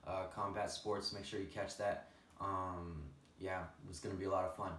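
A man co-hosts a casual chat podcast in a low, laid-back voice, holding his ground in friendly arguments. He sits a little back from the mic, so the room echoes around him. A faint ambient hiss runs underneath. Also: level tone, normal speed, a bit bright, far from the mic. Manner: laid-back, says "you know" and "mm-hmm" a lot, stubborn in banter. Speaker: podcast co-host.

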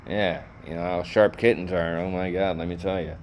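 A man's voice: deep voice, steady tone, normal speed, noisy background. A middle-aged man hosting a solo podcast, rambling goofily and laughing at his own jokes, sounding tired and worn out. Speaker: podcast host.

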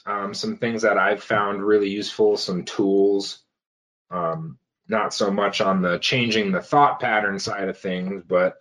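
A health coach giving casual advice, pausing often with fillers and restarting phrases. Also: male voice, on the low side, fairly bright tone. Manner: hesitant, many fillers and restarts.

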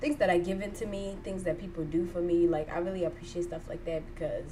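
A woman's voice: fairly low pitch, fairly even intonation, fast, mellow, a little hiss or hum, poor audio. A woman in her twenties from Kenya, talking candidly as a podcast co-host, rambling with many fillers. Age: 20s. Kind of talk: casual chat.

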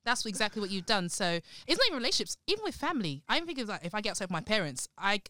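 A woman in a casual group chat, blunt and quick to laugh. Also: mid-range voice, sing-song, pushed and bright, dry recording.

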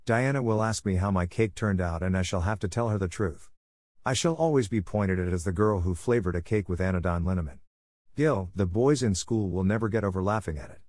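A man reading the lines of an excitable orphan girl, pleading in a gushing, dramatic way. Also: deep voice, brisk, no echo, clean studio sound, close to an everyday voice. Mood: despairing.

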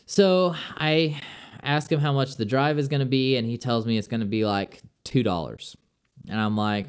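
A man's voice: medium pitch, normal speed, smooth. A young man casually telling a personal travel story, chatty and loose, full of "like" and "I'm like".

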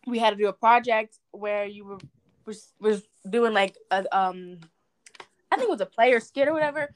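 A young adult woman hosting a podcast, telling stories in a chatty, animated way with lots of fillers. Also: medium pitch. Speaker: podcast host. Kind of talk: casual chat.

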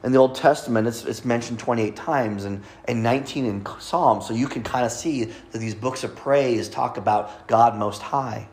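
A man preaches a sermon, reading scripture aloud and explaining it and the names of God, with light asides to his listeners. His mid-range voice is a little mellow and moves at a moderate pace with few pauses.

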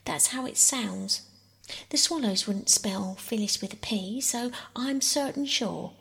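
A woman reading aloud, voicing a bossy, quarrelsome young girl in an insistent, high voice. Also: a little slow, creaky, a bit bright. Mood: indignant.

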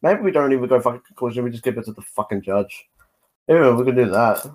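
A man's voice: medium pitch, lively intonation, quick pace, darkish tone. An Australian man in a casual online voice-chat debate who rambles and swears in nearly every sentence.

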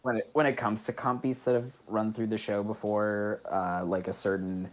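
A man's voice: lowish voice, level tone, moderate pace. A man co-hosting a casual reality-TV chat, rambling with many fillers and frequent laughs. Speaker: podcast co-host.

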